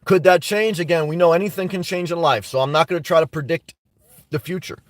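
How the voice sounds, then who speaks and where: A man's voice: a little high, fast talker, dry recording, distant mic. A man hosting a live stream, reading out chat messages and answering in a blunt, swearing, chatty way. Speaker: livestream host reading chat. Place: home in New Jersey.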